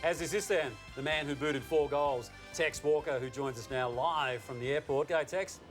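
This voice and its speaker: An Australian man hosts a football show in a brisk, upbeat manner with a slightly high voice. He teases his panel between segments, with faint music underneath. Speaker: host. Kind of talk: TV sports show hosting.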